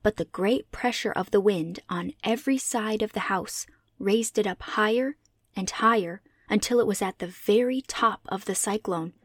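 A woman's voice: medium pitch, no room sound, clean studio sound. Woman reading a classic storybook. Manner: measured, clear read-aloud delivery. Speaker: audiobook reader. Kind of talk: scripted storybook narration.

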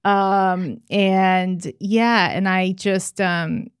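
A woman hosting a podcast, chatting casually and telling stories with lively acted-out quotes. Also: medium pitch, very slow, clean tone, no room sound, clean studio sound. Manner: animated storytelling, acts out quoted voices. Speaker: podcast host. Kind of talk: casual chat.

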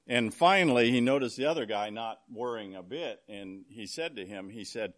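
A man in his sixties with a fairly low voice, preaching a light-hearted sermon to a full church. He tells his stories in a folksy way, with frequent ums and restarts. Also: animated, normal speed. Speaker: guest preacher. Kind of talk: humorous sermon.

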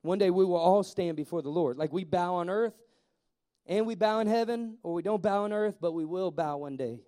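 Animated high-voiced male preacher. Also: normal speed. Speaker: pastor. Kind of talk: sermon.

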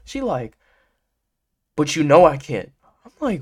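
A man's voice: on the high side, very animated, a little slow, long pauses, slightly rough. A young man hosting a podcast, casually telling a story in heavy slang and laughing often. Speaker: podcast host.

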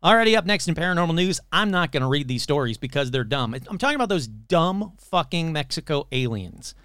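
A man's voice: fairly high pitch, very animated, brisk, pushed and bright, smooth, no echo, studio quality. A man hosting a paranormal podcast in casual, sarcastic chat, swearing freely and slipping into mocking voices. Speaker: podcast host.

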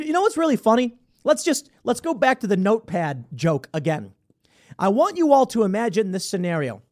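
A male commentator reads out news passages and reacts with sarcasm and disbelief. His voice sits high and swings widely in pitch. He talks casually, stumbling and breaking into mocking asides. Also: a little mellow. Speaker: political commentator.

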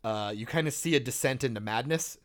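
A man chatting casually on a podcast over a call, animated and profane, laughing often. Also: mid-range voice, brisk. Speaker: podcast co-host.

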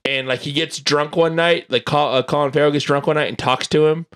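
A man's voice: a little high, fairly even intonation, a little fast, fairly bright tone, clear, resonant tone. A man in casual chat, rambling through a film recommendation with filler words and swearing. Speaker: podcast co-host.

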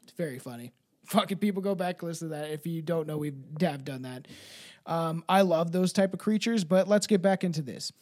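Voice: mid-range voice, a little mellow. Sweary, laughing podcast host. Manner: swears a lot, laughs, restarts words. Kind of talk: casual chat and reading a story.

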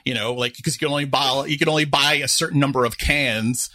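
A man's voice: mid-range voice, steady tone, brisk, bright, forceful tone. A man from New York co-hosting a podcast, talking in a rambling, self-deprecating way with lots of fillers. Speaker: podcast co-host. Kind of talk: casual chat.

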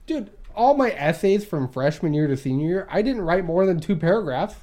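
A man's voice: high-pitched, lively intonation, normal speed, dark tone. A young man co-hosting a casual chat with friends, telling crude stories, swearing freely and laughing often. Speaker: podcast co-host.

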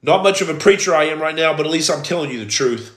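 A man's voice: fairly high pitch, lively intonation, fast, a bit bright. Blunt, streetwise man with roomy echo. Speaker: storyteller giving testimony. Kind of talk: personal testimony, preacher-like storytelling.

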